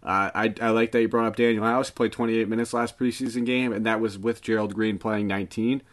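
A man with a fairly low voice talks eagerly on a casual sports podcast. He is emphatic and fills gaps with ums and uhs. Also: steady tone, a little fast. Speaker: podcast co-host. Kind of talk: casual sports betting chat.

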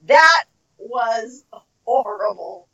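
Rambling middle-aged voice actress. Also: female voice, fairly high pitch, expressive, very slow, vocal fry, pushed and bright, far from the mic. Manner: rambling, trails off into tangents. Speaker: voice actress, interview guest. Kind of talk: casual interview storytelling. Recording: dull lo-fi recording.

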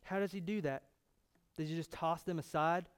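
Pastor preaching, high voice, lots of questions, gets fired up. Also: male voice, steady tone, moderate pace, smooth. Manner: rhetorical questions, rising to fervent emphasis. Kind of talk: sermon.

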